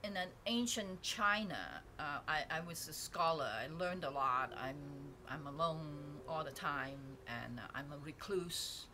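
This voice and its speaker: A woman's voice: deep voice, measured pace, few pauses, background noise. A woman vlogger talking candidly on her own channel, rambling and self-reflective with many restarts, recorded on a dedicated microphone indoors. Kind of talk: casual talking-head reflection. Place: indoors at home, painting behind her.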